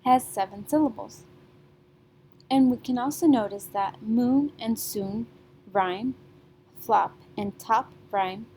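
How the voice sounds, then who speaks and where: Patient woman teacher, mellow voice. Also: a little high, slow, a little hiss or hum. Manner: patient, sing-song classroom delivery with frequent "okay?" checks. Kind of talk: recorded remote reading lesson.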